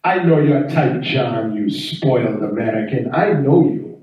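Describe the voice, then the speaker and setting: A man voicing a touchy, stern immigrant neighbor who talks slowly and accusingly. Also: very high voice, flat delivery, lo-fi sound, voice pushed up. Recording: echoey room, distant mic.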